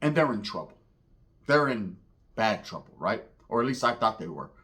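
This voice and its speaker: A man's voice: on the low side, moderate pace. A man telling a profane street story, acting out the voices of the people in it. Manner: profane, animated, acts out other voices.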